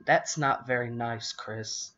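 A man's voice: medium pitch, fairly even intonation, takes it slowly, bright, forceful tone, muffled recording. A man voicing a mother who scolds mildly and suggests compromises, in a storybook reading. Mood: coaxing.

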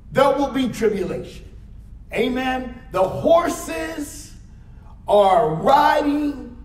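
A man delivers a sermon with a strikingly high voice, drawing his words out slowly and breaking into emphatic bursts. His voice rings through a roomy church sanctuary, picked up from a distance. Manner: preaching with frequent "Amen?" call-outs, emphatic rises. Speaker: pastor. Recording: echoey church hall, mic at a distance.

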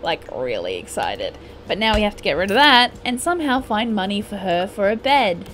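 A young woman's voice, medium in pitch and fairly bright, moves a little fast with lively intonation as she casually narrates a life-simulation game for YouTube. She scolds her characters playfully, over a little hiss or hum.

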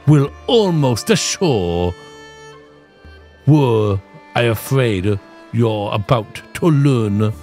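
A man voicing a seasoned, wry male ship captain, reading the game's lines aloud slowly in a raised voice. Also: mid-range voice, expressive, warm tone, soft background music. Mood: knowing. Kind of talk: reading game dialogue aloud in character.

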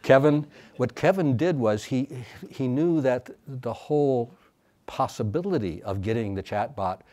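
A man giving an academic lecture as a professor, talking thoughtfully and haltingly with many fillers and restarts. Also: medium pitch, dark tone.

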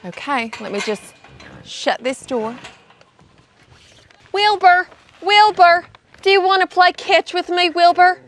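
A woman's voice: extremely high pitch, takes it slowly, long pauses. A woman hosting a children's educational show outdoors at an animal sanctuary, cheerful and sing-song, addressing viewers as y'all.

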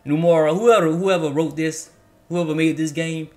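A man's voice: fairly high pitch, fairly even intonation, normal speed. A man hosting a gaming channel, delivering an exasperated, profane rant over gameplay footage, repeating himself and cursing heavily. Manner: exasperated, repetitive, heavy cursing.

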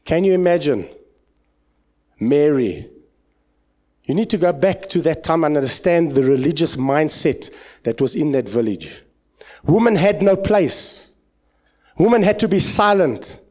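A South African pastor delivers a fiery sermon in church, moving from loud exclamations to quiet asides. He's expressive and unhurried, pausing often.

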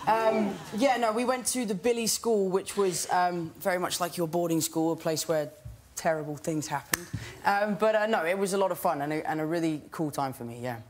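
A man's voice: sits high, brisk. A young man guesting on a chat show, talking in a friendly, easygoing way with some filler words. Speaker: guest actor.

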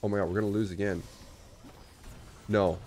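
A man streaming an auto-battler match and commenting live, excitable and swinging from low mutters to shouts. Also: normal speed, a little hiss or hum.

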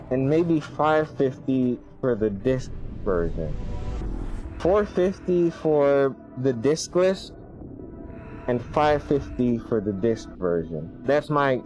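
A man streaming his live reaction to a game event, chatty and excitable and laughing often. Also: medium pitch, low-quality recording.

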